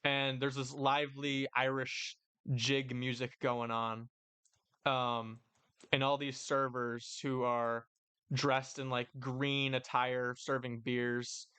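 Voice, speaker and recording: A man's voice: mid-range voice, flat delivery, slow, sharp tone, clear, resonant tone, dry recording. A man narrating as dungeon master, rambling with lots of fillers and small laughs. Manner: rambling, many fillers, laughs at own bits. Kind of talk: narrating a tabletop game.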